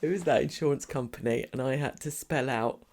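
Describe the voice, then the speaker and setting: A woman's voice: very deep voice, a little fast, darkish tone. A middle-aged woman, co-hosting a podcast in casual, teasing chat and laughing often. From England. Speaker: podcast co-host.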